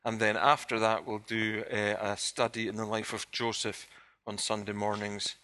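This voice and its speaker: A man's voice: fairly low pitch, level tone, normal speed, bright, forceful tone. A man preaching a sermon at a church service, putting direct rhetorical questions to the congregation. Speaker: pastor.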